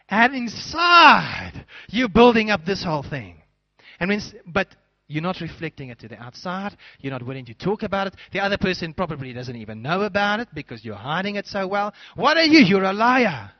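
A man's voice: high voice, sing-song, moderate pace, no echo, highs cut off. A man preaching a sermon as pastor, acting out little scenes as he goes.

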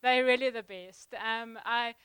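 A young woman giving a sermon in a church, chatty and halting, full of ums and restarts. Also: fairly high pitch, fairly even intonation, fairly bright tone, smooth, dry recording. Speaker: guest preacher. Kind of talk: sermon opening, casual warm address.

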